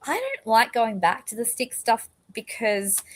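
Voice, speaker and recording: A woman's voice: fairly high pitch, very animated, unhurried. Australian woman, slight British lilt, rambling livestream host, chatty and a bit tongue-tied. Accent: Australian with a slight British touch. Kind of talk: casual livestream chat. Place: home.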